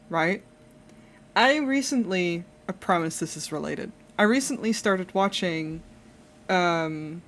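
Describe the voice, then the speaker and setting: A young woman chatting casually while drawing on a live stream, rambling with lots of fillers and restarts and laughing often. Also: mid-range voice.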